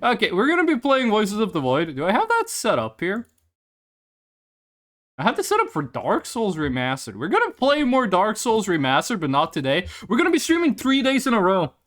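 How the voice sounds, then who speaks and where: A man's voice: high voice, huge pitch swings, normal speed, fairly bright tone. A young adult man chatting casually on a live stream and telling a story with lots of profanity.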